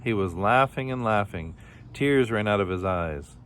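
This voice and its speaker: A man reading a children's picture book aloud in a plain, steady storytelling manner. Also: on the low side, a little slow, clean tone. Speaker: storybook reader.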